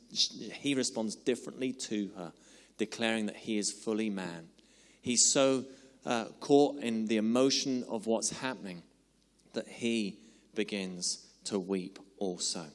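Earnest preacher in a reverberant hall. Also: male voice, lowish voice. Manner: earnest, slows for emphasis, loosens into chatty humorous asides. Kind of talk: sermon.

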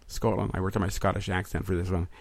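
A man's voice: deep voice, monotone, rapid-fire, no room sound. A man hosting a podcast in an upbeat, chatty way, with frequent fillers. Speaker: podcast host. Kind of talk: casual podcast chat. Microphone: remote recording setup.

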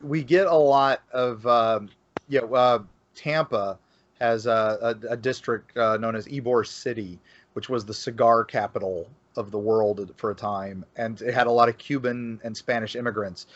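A medium-pitched, slightly bright man from Florida speaks with fairly even intonation and no hurry, with no echo. As a casual podcast guest, he rambles on local folklore with lots of fillers and restarts. The audio is dull, lo-fi, and dry.

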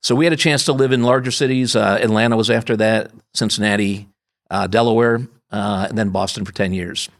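A man's voice: fairly low pitch, steady tone, fairly quick. A man in his fifties from upstate New York, a podcast guest telling long personal anecdotes with frequent restarts. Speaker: guest, company founder. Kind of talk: conversational interview storytelling.

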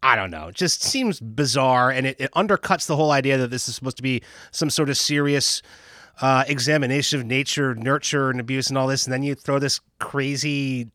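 A man's voice: medium pitch, a little fast, pushed and bright, no echo, studio quality. Rambling man podcast host. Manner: rambling, hesitant restarts. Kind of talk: casual chat.

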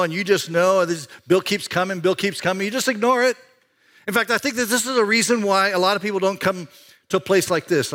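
A man pastor giving a conversational sermon in a church, swinging between excited rises and quiet, hushed stretches. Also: high-pitched. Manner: animated, conversational preaching with sudden rises and hushed drops. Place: church sanctuary.

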